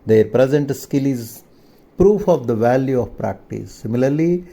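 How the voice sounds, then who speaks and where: A man reading the words of a calm, firm divine teacher in a steady, instructive way. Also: mid-range voice, normal speed, creaky.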